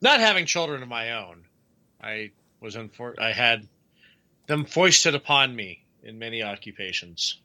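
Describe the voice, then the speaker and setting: Very bright-voiced wisecracking man. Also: mid-range voice, big pitch swings, unhurried. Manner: crude, wisecracking, swears freely. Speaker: co-host. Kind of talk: casual podcast chat.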